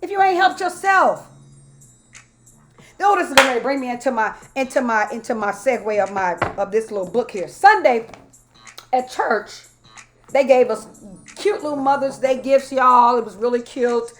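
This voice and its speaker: High-voiced woman pastor, preaching cadence. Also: normal speed, soft background music. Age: middle-aged. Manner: folksy, talks straight to listeners with repeated y'all; builds into rhythmic, rising preaching cadence. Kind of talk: sermon-style live talk to viewers.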